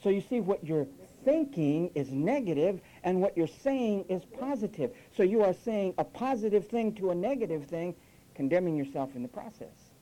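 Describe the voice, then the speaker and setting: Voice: medium pitch, lively intonation, normal speed, mellow, low-quality recording. A preacher delivering a sermon with sarcastic asides, mimicking the phrases he criticises. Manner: sarcastic, mocks quoted phrases with acted voices.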